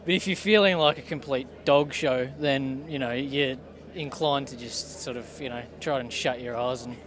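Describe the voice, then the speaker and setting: A pro rider answers at length in a thoughtful, casual way, picking his words. His voice sits at an ordinary middle pitch. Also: moderate pace, crowd noise. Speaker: pro cyclist. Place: outdoors at a bike race.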